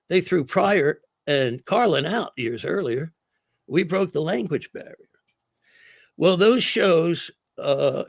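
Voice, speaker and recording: Gravelly male raconteur, mid-pitch, dry booth sound, tells stories with voices. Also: no room sound. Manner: gravelly, dry storyteller acting out other people's lines. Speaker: comedian telling stories. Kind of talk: casual storytelling.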